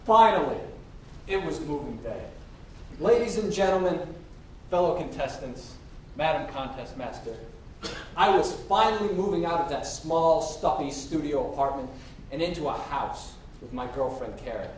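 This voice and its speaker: Guy doing a storytelling speech at a contest, really expressive, big echoey room, mic far away. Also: moderate pace. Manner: lively, acts out quoted dialogue. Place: hall. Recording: echoey hall from far off with faint rumble.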